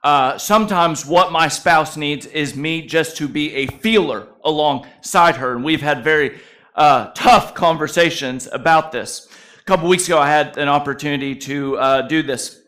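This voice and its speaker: A man's voice: a little high, moderate pace, a bit bright. A male pastor preaching a conversational sermon, telling stories with frequent "uh" fillers.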